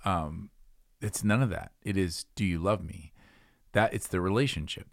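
Man, very low voice, thoughtful Bible talk, dry close sound. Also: moderate pace, gravelly, no room sound. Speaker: Bible discussion speaker. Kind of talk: casual Bible discussion.

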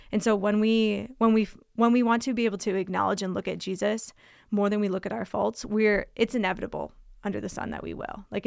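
A woman's voice: medium pitch, gravelly, dry recording, clean studio sound. A woman talking through a Bible passage in a casual, conversational way, with frequent fillers. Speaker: Bible discussion speaker.

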